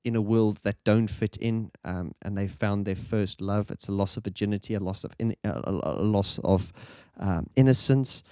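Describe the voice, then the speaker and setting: A man's voice: fairly low pitch, moderate pace, hardly any pauses, dark tone, clear, resonant tone, no room sound, studio quality. A man reviewing an album in a casual, enthusiastic, rambling monologue.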